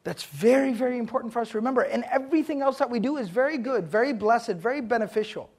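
A man giving a religious lesson to a live audience in a room. He talks in an animated way, quizzes the listeners and repeats points for emphasis. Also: very high voice, fast talker. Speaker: Islamic teacher.

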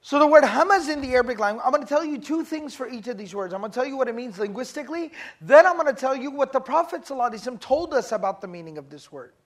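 A man's voice: very high-pitched, animated, racing, few pauses, a bit bright. A man giving an Islamic lesson to a group, speaking casually, asking questions and acting out stories. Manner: casual, asks the audience questions, acts out stories. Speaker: religious teacher. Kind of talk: Islamic lecture to a class.

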